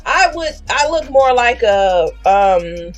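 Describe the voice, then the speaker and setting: Woman streamer telling a wild dream story, kinda high voice, lively, soft music in the back. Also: slow pace. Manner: animated, laughing, acts out quoted voices. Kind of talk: casual storytelling.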